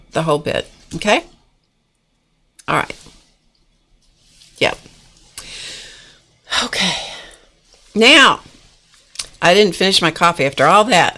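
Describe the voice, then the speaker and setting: A woman's voice: on the low side, a bit bright. A woman hosting a casual live-stream art class from a home desk, chatting folksily with viewers as she demonstrates. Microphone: camera mic at a desk.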